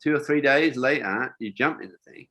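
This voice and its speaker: A man's voice: mid-range voice, moderate pace, sharp tone. An older man, a wingsuit designer, telling rambling stories in a casual interview, with lots of fillers and restarts.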